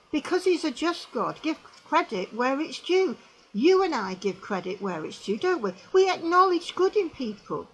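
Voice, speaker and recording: Brief: an emphatic woman delivering a religious commentary straight to camera, high and lively pitch. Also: poor audio. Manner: emphatic, repetitive, tag questions to the viewer.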